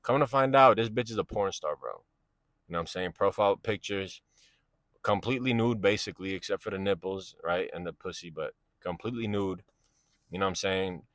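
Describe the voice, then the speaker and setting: A man's voice: low voice, a little fast, fairly bright tone, dry recording. A man, telling a personal story in a casual, slangy, rambling way and often asking "you know what I'm saying".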